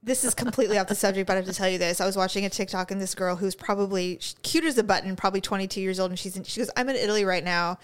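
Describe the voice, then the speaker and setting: A woman's voice: medium pitch, steady tone, racing, hardly any pauses, clear, resonant tone. A woman co-hosting a podcast, gossiping bluntly with swearing and acting out what people said. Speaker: podcast co-host. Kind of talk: casual chat.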